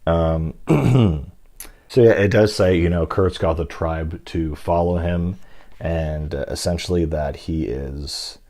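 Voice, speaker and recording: A man's voice: sits low, fairly even intonation, slow pace, dark tone. A man casually discussing a classic novel in a rambling, reflective way, with many fillers and restarts. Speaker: book discussion host.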